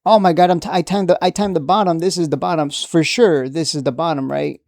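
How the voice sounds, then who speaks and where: A man's voice: fairly high pitch, steady tone, fast, creaky, darkish tone, dry recording, studio quality. A man voicing an overexcited male trader who gushes that he has timed the market bottom. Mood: giddy. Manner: gushing, breathless exclamations.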